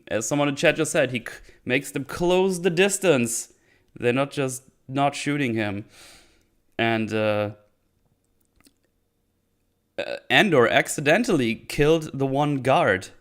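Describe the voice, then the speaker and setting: A man's voice: medium pitch, lively intonation, takes it slowly, long pauses, a bit bright, clear, resonant tone. A man giving casual livestream commentary on a TV show, rambling and hesitant as he thinks aloud. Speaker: streamer reviewing a TV show.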